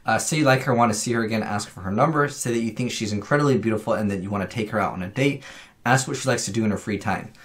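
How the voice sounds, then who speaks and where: A man's voice: lowish voice, rapid-fire. A man playing a video game and thinking aloud about which answer to pick, in a casual, muttering commentary. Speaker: gaming youtuber. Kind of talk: let's play commentary.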